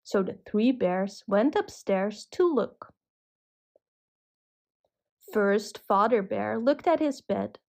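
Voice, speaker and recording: A woman narrating a children's cartoon story in a gentle, measured way. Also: mid-range voice, expressive, gravelly.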